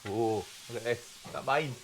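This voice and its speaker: Crowd noise surrounds a man with a mid-range voice speaking at a moderate pace. As a travel vlogger, he gives a casual walkaround narration of a partly outdoor roadside café, rambling, stumbling and repeating words.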